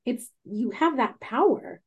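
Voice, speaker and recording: A woman hosting a candid casual chat, talking emphatically, swearing freely and telling stories in an animated way. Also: fairly high pitch, measured pace, breathy edge, highs cut off. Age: adult with a child. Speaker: podcast host.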